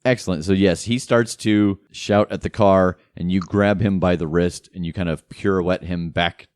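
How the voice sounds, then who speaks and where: A man's voice: low-pitched, steady tone, moderate pace, a little mellow, dry recording, clean studio sound. A man narrating as game master of a tabletop role-playing game, often laughing as he describes the action.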